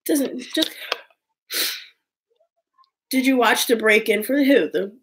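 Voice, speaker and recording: A young woman hosts a live stream and chats with her viewers in a loose, rambling way. Her voice sits a little high, and she fills her talk with "like" and breaks into quick laughs. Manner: chatty, rambling, heavy use of "like", frequent laughs. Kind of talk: casual live-stream chat reading viewer comments.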